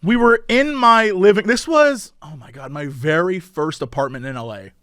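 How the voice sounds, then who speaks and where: A man's voice: high voice, moderate pace, pushed and bright, clear, resonant tone, no echo, studio quality. A man in his thirties co-hosting a comedy podcast, joking and laughing often in casual chat. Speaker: podcast co-host.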